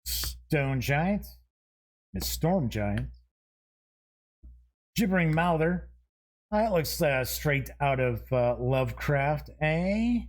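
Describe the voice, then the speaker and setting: A man with a fairly high voice takes his time, hosting a casual unboxing. He reads names off one by one in a slow, unhurried way and drops in short asides and self-amused chuckles. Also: big pitch swings. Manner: chuckles at himself. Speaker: show host.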